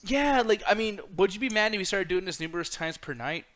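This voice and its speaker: A man's voice: high-pitched, expressive, quick pace, a crowd in the background. A man co-hosting a podcast, chatting casually about wrestling, swearing freely and laughing often. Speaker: podcast co-host. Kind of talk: casual profane wrestling chat.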